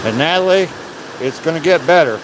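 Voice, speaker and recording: This older vlogger sounds a little high and animated, speaking a little fast over background noise. He's hosting a loose livestream chat outdoors, making his way down a rocky trail beside a waterfall in the forest and cursing occasionally.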